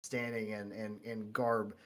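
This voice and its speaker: A man's voice: on the low side, level tone, unhurried. A man narrating a tabletop game as game master, casual and full of "um" and "uh". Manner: casual, with filler "um" and "uh".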